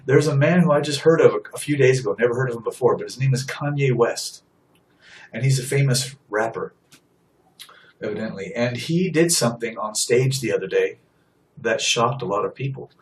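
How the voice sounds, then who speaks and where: A man's voice: medium pitch, far from the mic, low-quality recording. A man giving an impassioned sermon, blunt and emphatic, driving points home by repeating them. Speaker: street preacher.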